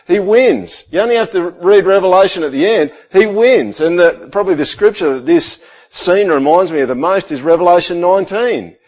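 A middle-aged man preaching a sermon in a conversational way, full of rhetorical questions, sometimes dropping to a quiet, intense tone. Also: sits high, expressive, moderate pace, poor audio. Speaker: pastor.

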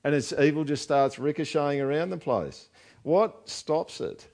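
A man's voice: on the high side, normal speed, darkish tone. A man preaching a sermon in a conversational way, often asking the congregation rhetorical questions. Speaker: pastor.

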